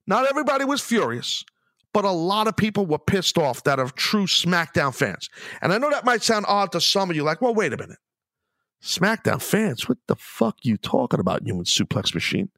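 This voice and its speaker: A man's voice: high voice, fairly bright tone, dry recording, clean studio sound. A middle-aged man hosting his own podcast, ranting angrily and rambling with plenty of swearing. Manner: angry, profane, rambling. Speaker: podcast host.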